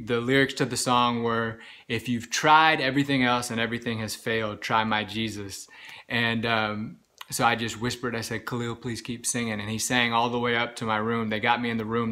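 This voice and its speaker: A man giving an earnest, halting personal health update while recovering from serious illness, with many pauses and restarts. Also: medium pitch, pushed and bright. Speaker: vlogger sharing a health update. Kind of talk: personal storytelling.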